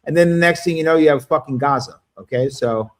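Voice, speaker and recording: A man chatting on a livestream panel, rambling and profane as he tells stories in a casual, animated way. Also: fairly high pitch, quick pace. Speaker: panel guest.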